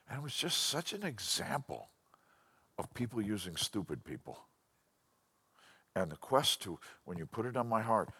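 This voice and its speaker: A man giving a sermon-style Bible lesson, animated and storytelling, often restarting his sentences. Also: fairly low pitch, normal speed, long pauses, husky. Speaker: Bible teacher.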